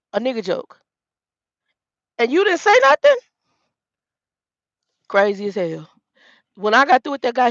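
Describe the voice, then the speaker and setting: Woman vlogger, gravelly voice, dry dull self-filmed sound, rambling and cussing. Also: mid-range voice, no room sound. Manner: rambling, profane, many restarts. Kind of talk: casual storytime monologue. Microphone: self-filmed camera.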